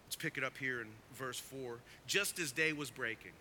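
Bright-voiced emphatic male preacher. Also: medium pitch, moderate pace, a little hiss or hum. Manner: emphatic, swings from quiet to loud. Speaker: pastor. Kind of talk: sermon.

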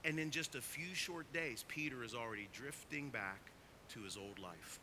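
A man preaching a sermon as pastor, emphatic, swinging from quiet asides to loud, urgent stresses. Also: medium pitch, moderate pace, background noise.

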